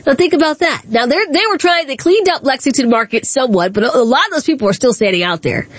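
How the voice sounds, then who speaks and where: A woman's voice: high voice, animated, quick pace, no echo. Opinionated woman talk radio host. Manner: opinionated, conversational. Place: radio studio.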